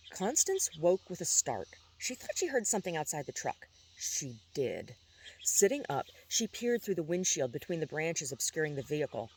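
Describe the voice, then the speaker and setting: Male audiobook narrator, slightly high voice.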